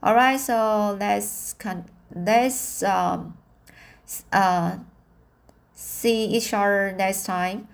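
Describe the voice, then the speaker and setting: A woman reading a novel aloud as an amateur audiobook, halting and self-correcting as she practices her English. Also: mid-range voice, gravelly. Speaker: reader of a novel.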